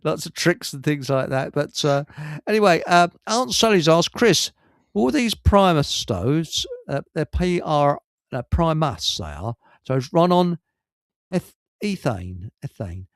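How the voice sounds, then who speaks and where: A man's voice: fairly high pitch, lively intonation, unhurried, clear, resonant tone, no room sound, clean studio sound. A man hosting a live stream show, telling rambling anecdotes in casual chat and laughing at his own stories.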